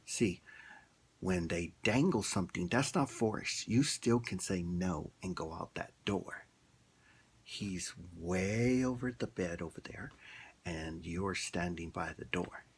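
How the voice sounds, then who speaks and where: Slow, gravelly low-voiced man ranting. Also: animated, a little hiss or hum. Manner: ranting, blunt, rambling. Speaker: vlogger. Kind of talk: casual opinion monologue.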